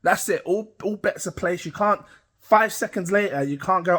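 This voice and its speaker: A man's voice: high voice, moderate pace, a bit bright. A middle-aged British man rambling casually to camera as a crypto channel host, chatty and self-amused. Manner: rambling, chatty, laughs at himself.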